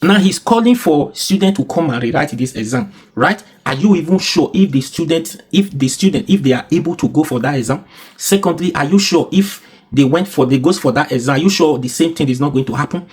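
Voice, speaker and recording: Young Nigerian man, slightly raised pitch, breathy rasp, hammering points home in a heated vlog rant. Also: expressive, brisk, darkish tone. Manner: indignant, repeats himself for emphasis. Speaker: commentary vlogger. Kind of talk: ranting social commentary.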